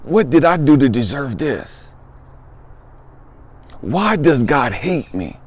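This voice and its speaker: A man's voice: mid-range voice, very animated, takes it slowly, darkish tone, slightly rough. A man in his fifties, a spiritual life coach, sharing a personal testimony in an emphatic, conversational way and repeating phrases for weight.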